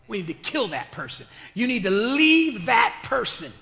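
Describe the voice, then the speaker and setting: A man's voice: very high-pitched, sing-song, moderate pace, gravelly, bright, forceful tone. A male pastor preaching an impassioned sermon with casual, slangy talk and call-and-response to his church. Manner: colloquial, slangy. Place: church sanctuary. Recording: reverberant hall.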